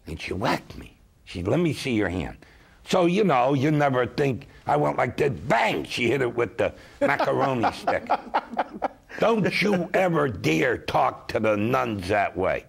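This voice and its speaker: Slow gravelly storyteller man. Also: medium pitch. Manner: slow, emphatic, lively storyteller. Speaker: guest, consumer advocate. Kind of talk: storytelling talk-show chat.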